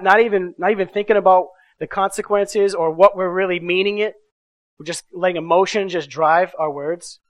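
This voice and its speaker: Male pastor, middle-aged, sermon storytelling, dynamic loud-to-quiet delivery, dry close mic. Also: high-pitched, no room sound. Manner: animated storytelling with swings from loud to soft.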